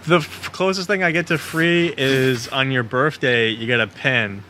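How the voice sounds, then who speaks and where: A man with a bright, forceful voice chatting casually on a podcast. He explains things earnestly and rambles a little, with a faint hum in the background. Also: medium pitch, moderate pace. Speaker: podcast co-host.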